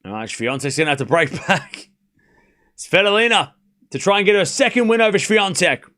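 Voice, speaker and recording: A man hosting a live tennis watchalong stream, calling points play by play with casual joking asides and shouting on big moments. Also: high-pitched, moderate pace. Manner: excitable, shouts on big points, chatty and joking between rallies.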